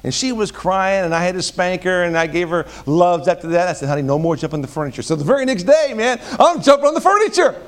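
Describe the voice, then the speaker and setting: A middle-aged man preaching a sermon, swinging from loud emphatic peaks to hushed asides and often repeating words as he restarts phrases. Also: high-pitched, animated, brisk, hardly any pauses. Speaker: pastor.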